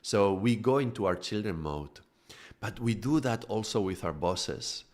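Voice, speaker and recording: A male yoga teacher giving a live spiritual talk, explaining calmly and demonstrating points with his own voice. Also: on the low side, unhurried.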